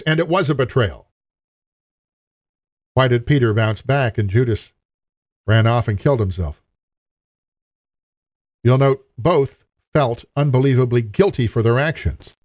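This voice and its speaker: A man's voice: mid-range voice, moderate pace, pauses often, a little mellow, no echo. A man preaching a sermon in an earnest, emphatic way, appealing directly to his listeners.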